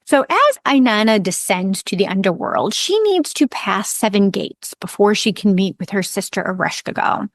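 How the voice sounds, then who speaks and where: A woman hosting a podcast, retelling an ancient myth in a calm, measured storytelling voice. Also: medium pitch, no room sound, studio quality. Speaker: podcast host.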